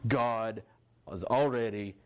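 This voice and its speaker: A man's voice: on the low side, slow, smooth. A man preaching a sermon in a conversational way. He restarts his phrases and asks his listeners questions. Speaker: pastor.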